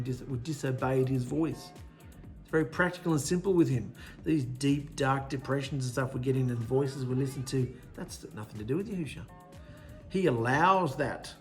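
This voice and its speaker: A man's voice: mid-range voice, darkish tone. A man preaching a sermon with emphasis, often in short, punchy lists.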